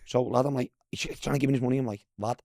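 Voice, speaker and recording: A man's voice: mid-range voice, very fast, no echo, clean studio sound. A man from Liverpool with a Scouse accent, telling stories in a casual podcast chat and mimicking the people in them. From Liverpool, England. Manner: animated, mimics voices in anecdotes, says "lad" constantly. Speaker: guest, former footballer. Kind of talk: casual storytelling.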